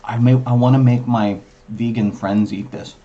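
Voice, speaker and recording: A woman co-hosting a livestream and chatting casually, wry and animated, often restarting her sentences. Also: a bass voice, moderate pace, muffled recording, slight background noise. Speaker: livestream co-host. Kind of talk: casual chat.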